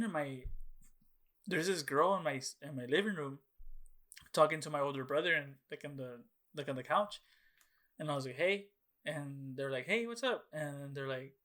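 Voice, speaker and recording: A young man co-hosting a casual podcast chat, his voice sitting a little higher than most men's. He rambles through stories with plenty of fillers and swearing, jumping up in pitch to act out his old reactions. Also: fairly bright tone. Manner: rambling storytelling full of fillers and swearing, acting out his own past reactions. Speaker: podcast co-host.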